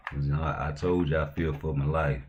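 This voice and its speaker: A man hosting a livestream, talking in loose, profane, slang-heavy banter that heats up into loud outbursts. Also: rumbling low, fairly even intonation, fairly quick, lo-fi sound, slight background noise. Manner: heated, rising to loud outbursts. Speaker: livestream host. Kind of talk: casual livestream talk.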